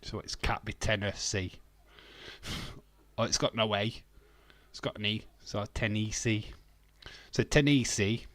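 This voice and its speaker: A man hosting a relaxed live stream, drawling along at an unhurried pace and teasing his viewers with a chuckle. His voice sits at an ordinary middle pitch. It sounds dry and close, with no room around it. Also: no room sound. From England. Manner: teasing, chuckling, banters with chat, muses aloud. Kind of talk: casual live-stream chat reading out viewer comments.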